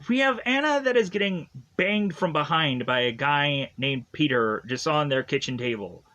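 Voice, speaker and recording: A man's voice: on the high side, animated, normal speed, bright, forceful tone. A man casually retelling a film's plot in a rambling way, leaning on fillers and chuckling at twists. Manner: rambling, heavy use of "like" and "is to"; laughs at the plot. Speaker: movie reviewer. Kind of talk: casual spoken film recap.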